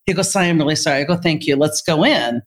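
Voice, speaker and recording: A woman's voice: low-pitched, fast talker. A woman being interviewed as a guest, a therapist who tells workplace stories and animatedly acts out the lines of the people in them. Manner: animated storyteller who acts out quoted dialogue. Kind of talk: storytelling in conversation.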